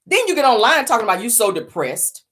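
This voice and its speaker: A middle-aged woman hosting a sassy celebrity gossip show, with a sarcastic, dramatic delivery and drawn-out emphasis. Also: a little high, sing-song, a bit bright. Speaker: host.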